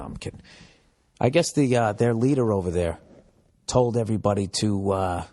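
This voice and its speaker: A man in his forties hosting a comedy podcast from home, rambling in a profane, animated monologue and slipping into mocking voices. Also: on the low side. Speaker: podcast host. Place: home room with window.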